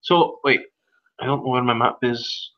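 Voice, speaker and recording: A man's voice: mid-range voice, normal speed. A man running a tabletop game as dungeon master, loose and joking, recorded in a room with friends. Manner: loose, joking, self-deprecating. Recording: echoey, dull home recording.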